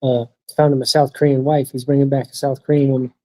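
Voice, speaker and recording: Slangy young man, dark dry voice. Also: medium pitch, level tone, fast talker, no room sound, poor audio. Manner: slangy, laughs often, swears freely. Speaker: streamer. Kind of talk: casual livestream chat. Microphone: streaming mic.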